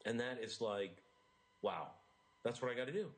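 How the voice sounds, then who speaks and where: A man's voice: medium pitch, moderate pace, poor audio. Earnest man talking eagerly in an interview. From United States. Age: middle-aged. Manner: earnest, animated, with repeated restarts. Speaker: author and interview guest. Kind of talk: enthusiastic interview talk.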